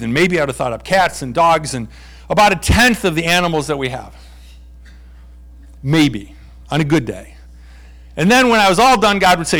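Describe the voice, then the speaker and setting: A man delivering a sermon in a light, playful manner. His voice sits a little higher than most men's, and he slips into quick acted exchanges between characters. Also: very animated, fairly bright tone. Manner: playful, acts out voices of God and Job. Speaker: preacher.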